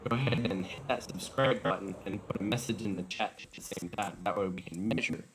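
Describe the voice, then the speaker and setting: Low-voiced male streamer, sarcastic and self-mocking, garbled robotic sound, noisy glitchy home mic. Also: a little fast. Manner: joking, sarcastic self-mockery. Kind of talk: casual livestream chat. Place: home room. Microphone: faulty desk microphone.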